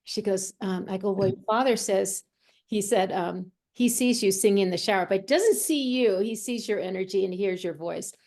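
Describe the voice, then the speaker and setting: Brief: warm, mellow woman; medium and guest, vivid storyteller who acts out quoted voices. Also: medium pitch, moderate pace. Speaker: medium and healer, interview guest. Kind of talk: conversational storytelling.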